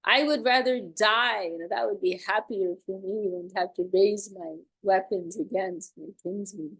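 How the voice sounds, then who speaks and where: A woman leads a scripture study over a video call, chatty and unscripted. She doubles back on her words and laughs lightly as she explains. Her voice sits in a middle pitch. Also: normal speed, a bit bright, slightly rough, rough recording. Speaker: study group leader.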